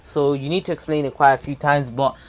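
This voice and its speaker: A man's voice: fairly high pitch, steady tone, fairly quick. Casual male narrator for a fan retelling, rambly, jokey asides. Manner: rambling, many fillers and restarts, jokey asides.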